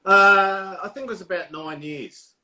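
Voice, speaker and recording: A man's voice: sits high, unhurried, pushed and bright. An Australian man, a tattoo artist, telling stories in a casual interview, acting out quotes and swearing freely.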